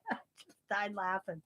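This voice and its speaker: A woman's voice: mid-range voice, level tone, takes it slowly, fairly bright tone. A middle-aged woman hosting a crafting channel, chatting casually, laughing often and breaking off to restart her sentences.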